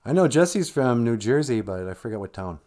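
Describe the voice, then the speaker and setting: He speaks quickly in a sing-song, mid-range voice with a darkish tone. This Upper Midwest–accented Minnesotan runs a laid-back livestream, laughing a little, reading out viewer comments, and teaching Ojibwe vocabulary.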